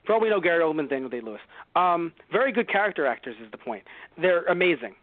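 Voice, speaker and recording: A man co-hosting a casual movie review podcast, rambling and joking, slipping into quick impressions. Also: fairly high pitch, sing-song, no echo. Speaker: podcast co-host. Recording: phone-like lo-fi dry sound.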